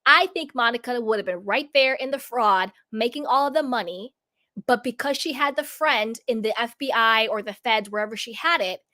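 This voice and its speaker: A woman's voice: fairly high pitch, moderate pace, bright, forceful tone, no room sound, clean studio sound. A woman giving an opinionated recap of a reality show, emphatic and indignant, full of rhetorical questions. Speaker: reality TV commentator.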